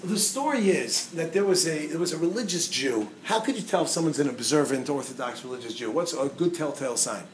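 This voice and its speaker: A man giving a humorous teaching talk to a live audience, quizzing them with quick questions. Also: on the high side, animated. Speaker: speaker teaching a class. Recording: echoey room, distant mic, noisy.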